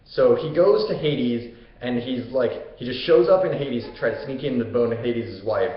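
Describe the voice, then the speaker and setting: A young man retells an old myth as a comedy, casual and slangy. His pitch is middling. The room is very echoey, and the sound is dull and lo-fi. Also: normal speed. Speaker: host.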